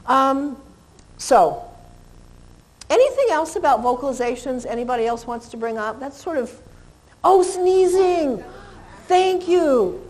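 Female seminar lecturer, slightly high voice, lively, talks straight to the room and acts out sounds. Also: measured pace. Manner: animated, imitates dog and human sounds, asks the audience. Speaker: lecturer on dog behavior. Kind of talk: live seminar lecture to an audience. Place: seminar room with a live audience.

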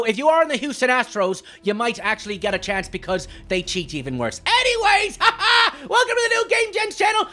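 Man doing a high, swooping Irish leprechaun, clumsy, hot-tempered, boastful, game commentary. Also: exaggerated voice. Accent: put-on Irish. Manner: giddy, boastful, shouty taunting. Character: clumsy short-tempered cheerful male leprechaun. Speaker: gameplay commentator.

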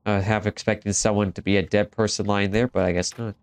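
A gaming video host with a clean, lowish voice talks fast and with a flat delivery while playing horror games. Despite that, his commentary is jokey, he laughs easily, and he talks to the characters in the game.

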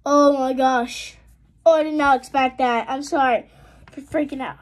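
High-voiced excitable woman opening cards. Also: moderate pace. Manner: excitable, gasping and exclaiming at pulls; reads card names in a list. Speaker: card unboxing vlogger. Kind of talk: casual unboxing commentary.

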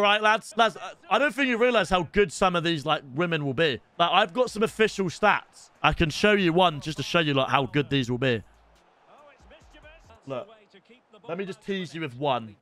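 A young man, commentating casually on his own gameplay during a live stream and calling out to his viewers. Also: high-pitched. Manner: excitable, shouts at goals, addresses viewers as lads. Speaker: gaming streamer.

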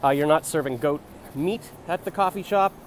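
A man's voice: on the high side, moderate pace, slight background noise, lightly acted. A man voicing a resigned but cheerful goat in an easygoing, reassuring way.

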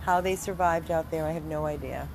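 Gushing woman with an affectionate, low voice. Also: a little fast, background noise. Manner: gushing, affectionate, switches into high baby talk for the dogs. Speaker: dog rescue volunteer. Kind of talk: casual video narration with pet talk.

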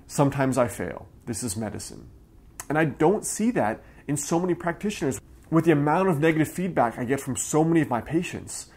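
A man, the acupuncturist who hosts the channel, giving an earnest and emphatic talk straight to camera. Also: mid-range voice. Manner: earnest, emphatic, acts out quoted voices.

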